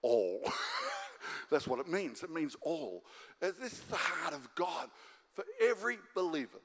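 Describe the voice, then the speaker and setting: A man's voice: a little high, very animated, moderate pace, fairly bright tone, long reverb tail. An Australian man preaching a sermon as a guest pastor, fired up and driving home his points over and over. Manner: fired-up, repetitive exhortation. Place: church auditorium.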